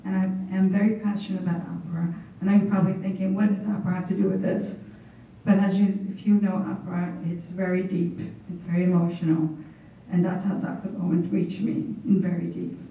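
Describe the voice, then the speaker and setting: A woman's voice: on the low side, little pitch movement, a little fast. A woman in her thirties giving an emotional, unscripted thank-you speech as a student honoree. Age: 30s. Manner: heartfelt, emotional. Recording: echoey hall from far off, dull.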